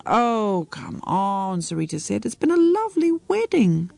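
A woman voicing a frank, impatient grown daughter who talks in brisk, scolding lines. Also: mid-range voice, big pitch swings, vocal fry, mellow, no room sound, exaggerated voice. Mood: blunt.

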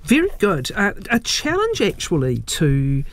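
A male radio host follows up with inquisitive questions. His fairly high voice swings up and down in a lively, animated way as he talks. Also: unhurried. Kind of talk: radio interview chat.

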